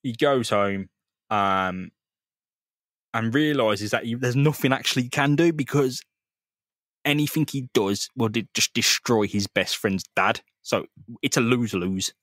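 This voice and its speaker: A man co-hosts a podcast and retells a comic's story in a loose, sweary way, slipping into the characters' lines as he goes. His voice sits at a middling pitch and sounds close and dry, with no room around it. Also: a little slow, fairly bright tone, no echo. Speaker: podcast co-host. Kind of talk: casual comic chat recapping a comic.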